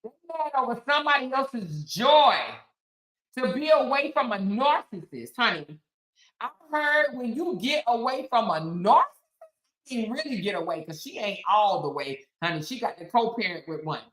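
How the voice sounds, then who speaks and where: A woman's voice: a little high, animated, normal speed, a bit bright. Sassy, emphatic woman, echoey room. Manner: sassy, emphatic, talks back to chat. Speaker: commentary show host. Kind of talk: casual commentary stream.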